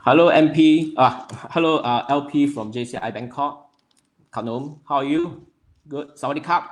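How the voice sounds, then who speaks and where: A young Nepali man hosts a livestream and greets his viewers by name, one after another. He reads out the chat in a casual, halting way, full of fillers, and his pitch is ordinary and mid-range.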